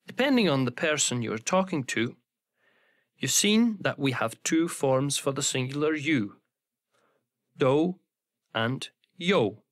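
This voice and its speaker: A man teaching a language lesson in scripted narration, giving careful, slow pronunciation examples. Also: mid-range voice, fairly bright tone, dry recording, studio quality.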